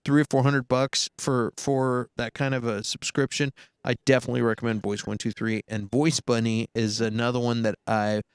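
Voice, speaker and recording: A man's voice: medium pitch, level tone, moderate pace, clear, resonant tone, no echo, studio quality. A man who works as a voice actor, chatting casually and telling stories with lots of restarts. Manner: rambling storyteller, many restarts, slips into voices. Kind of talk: casual chat.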